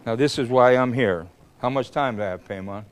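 Telling a story at a fairly quick clip, an older speaker in a hall is blunt and combative, lurching from loud bursts to low comments. His tone is clean.

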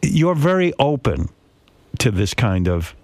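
A man's voice: mid-range voice, big pitch swings, unhurried, darkish tone, dry recording. Insistent needling man on dry studio radio. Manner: needling, insistent, mock-prosecuting. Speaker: radio show host. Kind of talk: radio talk show banter.

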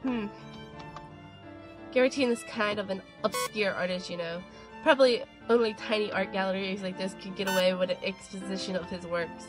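Young woman let's player, mid-pitched, chatty and jokey, game music under her voice. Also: fairly even intonation, normal speed. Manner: chatty, jokey, reads game text aloud. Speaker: gaming channel host. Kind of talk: let's play commentary.

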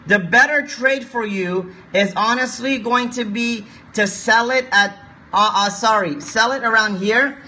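A man's voice: sits high, unhurried, sharp tone. A man streaming live forex chart analysis, coaxing viewers to share and repeating his points.

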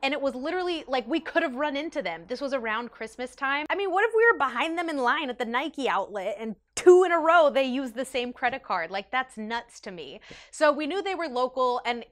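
A young woman telling a personal story in a casual vlog, animated and self-mocking, jumping up in pitch when she quotes other people. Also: a little fast. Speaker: YouTube storyteller.

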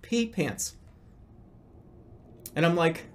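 A man's voice: fairly high pitch, animated, moderate pace, long pauses. A man streaming a game, telling a story casually, swearing freely and acting out both sides of a conversation. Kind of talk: casual storytelling while gaming.

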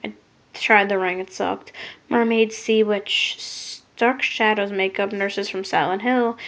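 A woman casually rambling through a makeup vlog. She often trails off into soft mutters. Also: mid-range voice, steady tone, a little slow. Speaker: makeup vlogger. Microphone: phone. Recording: lo-fi phone recording.

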